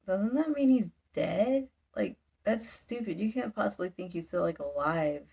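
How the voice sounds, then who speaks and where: A woman's voice: medium pitch, animated, moderate pace, gravelly, dark tone, husky. Woman playing a selfish young fiend girl, blunt and demanding, push every line. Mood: scornful. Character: brash, selfish young female blood fiend.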